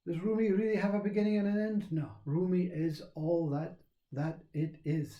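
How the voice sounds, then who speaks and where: A man giving a slow, reflective spiritual talk on self-inquiry, repeating phrases as he teaches. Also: high-pitched, fairly even intonation, dark tone, echoey room, muffled recording.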